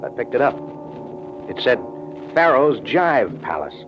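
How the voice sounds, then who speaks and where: A man's voice: medium pitch, big pitch swings, measured pace. An actor narrating as a dry, wisecracking hard-boiled male detective in a 1940s radio drama. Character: tough, wry male private eye. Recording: dull vintage radio with music bed.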